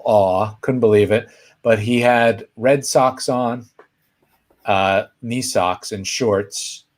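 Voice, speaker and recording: A man co-hosting a casual live Q&A, telling a story and acting out the people in it. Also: lowish voice. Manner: animated storyteller, acts out quoted voices. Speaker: co-host answering viewer questions.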